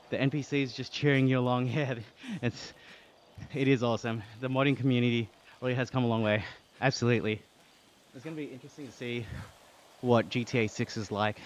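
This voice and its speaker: A man's voice: mid-range voice, muffled recording, slight background noise. A man from Australia with an Australian accent, live-streaming and reading out chat while he cycles on an indoor trainer. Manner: reads chat aloud and thanks viewers, breathy from exertion.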